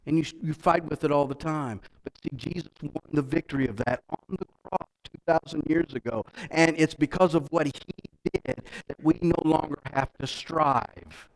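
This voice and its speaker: A male pastor preaching a sermon, talking conversationally with repeated phrases and building to loud, emphatic passages. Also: a little high, moderate pace, gravelly, few pauses, big-room sound, rough recording.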